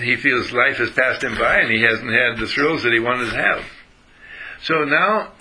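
A man's voice: mid-range voice, sharp tone, rough recording. A man giving a motivational spiritual lecture, emphatic, repeating phrases and asking his listeners questions.

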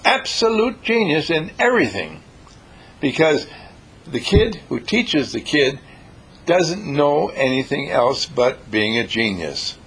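A man tells inspirational stories with a gravelly, deeply husky voice. His pitch swings widely, and he drives his points home by repeating them with emphasis. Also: slow. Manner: animated, repetitive, emphatic storyteller. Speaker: speaker. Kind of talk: inspirational storytelling talk.

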